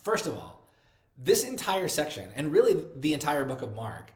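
A man's voice: a little high, wildly swooping pitch, moderate pace, darkish tone. A man preaching a sermon in a conversational way, often restarting and repeating words. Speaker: pastor. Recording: echoey room.

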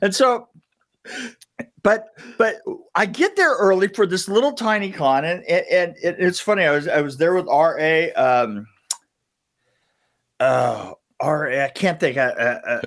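A man's voice: fairly high pitch, a little slow, a bit bright. A middle-aged man telling a story as a podcast guest, rambling, stumbling over restarts and laughing at himself. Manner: rambling, stammering restarts, self-mocking laughter. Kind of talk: casual storytelling chat.

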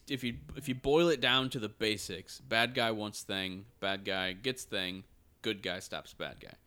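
A young man on a podcast, giving blunt opinions with a joking edge in relaxed chat. His mid-pitched voice sounds bright and clear. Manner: opinionated, quick to joke. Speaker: podcast co-host. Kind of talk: casual chat.

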